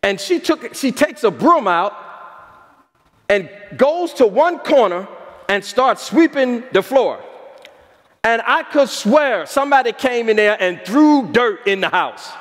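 A male pastor preaching a sermon with a high voice that climbs and swoops. He tells stories and keeps asking the congregation questions. His voice carries a long echo through the church hall. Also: expressive, slow pace, a bit bright. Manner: storytelling, asks the congregation questions.

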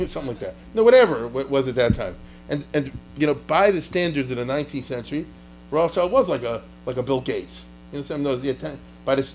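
A man, a rabbi, giving an informal, animated history lecture, often checking with his listeners and acting out quotes from historical figures. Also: medium pitch, a little hiss or hum, rough recording. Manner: animated, talks to the class directly and often asks "you get it?"; voices historical figures in quick asides.

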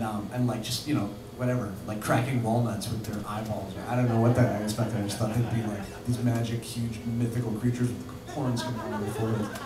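A man of middling pitch spins a rambling, laughing story on stage, packed with "like" and "you know". The sound is distant and echoey in a bar venue, with steady noise around it. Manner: rambling and laughing, full of fillers. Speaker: musician telling a story on stage. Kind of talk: live anecdote. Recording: echoey live room from far off with noise.

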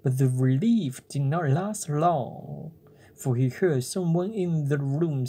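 A bedtime storyteller reads at a very slow, unhurried pace. The voice is mellow and breathy, soft enough to lull a listener to sleep. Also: medium pitch, lively intonation.

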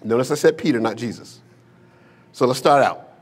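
A man's voice: mid-range voice, moderate pace. A male pastor preaching a sermon to a congregation in a church, mixing humor, slang and rhetorical questions into his storytelling. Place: church sanctuary with a live congregation.

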